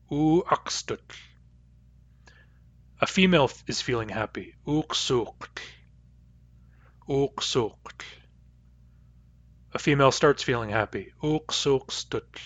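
A man teaching a language lesson, repeating each example word slowly and carefully. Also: medium pitch, a bit bright, no room sound, lo-fi sound. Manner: slow, careful repetition of example words.

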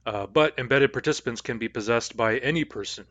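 A man teaching a language lesson to a class, patiently explaining grammar and repeating example phrases slowly. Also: medium pitch, fairly bright tone, dry recording, muffled recording.

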